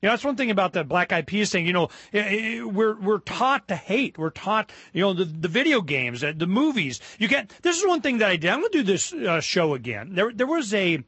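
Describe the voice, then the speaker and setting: Male talk radio host, high voice, bright tone, dry close mic, rambling and animated. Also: fairly quick, hardly any pauses, breathy edge, dry recording. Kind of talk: casual political talk radio.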